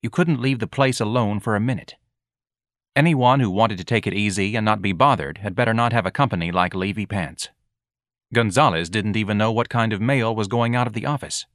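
A man reading a comic novel aloud with a wry, expressive storytelling manner. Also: lowish voice, a little fast, dry recording, studio quality. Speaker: audiobook narrator. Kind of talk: audiobook narration.

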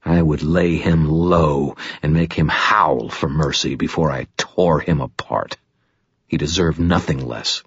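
Deep, husky male audiobook narrator. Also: measured pace, no echo. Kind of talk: first-person novel narration. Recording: dull, dry studio sound.

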